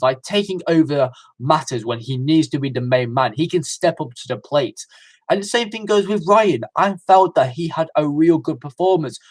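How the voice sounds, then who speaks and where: Enthusiastic rambling male reviewer. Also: medium pitch. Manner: enthusiastic, rambling with many fillers and restarts. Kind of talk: casual livestream review.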